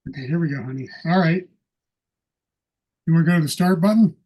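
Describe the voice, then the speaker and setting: A man in the audience of a video call, gently coaxing a child through using a mouse. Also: a little high, a little fast, low-quality recording. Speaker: audience member helping a child volunteer.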